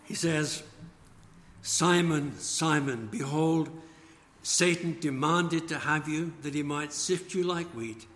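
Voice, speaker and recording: A man preaching a sermon, slow and emphatic, letting phrase ends fall away. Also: on the high side, fairly bright tone. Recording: long church reverb.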